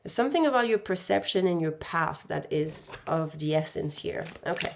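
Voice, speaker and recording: A woman's voice: on the low side, animated, moderate pace, vocal fry. A woman giving an intuitive pick-a-pile tarot reading, speaking in a meandering way and calling her viewers "my dear". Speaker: tarot card reader.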